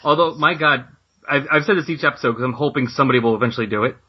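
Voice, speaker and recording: A man with a husky voice chats about comics in an easygoing, joking way. The audio is dull and lo-fi. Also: medium pitch, racing. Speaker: podcast co-host. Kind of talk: casual chat.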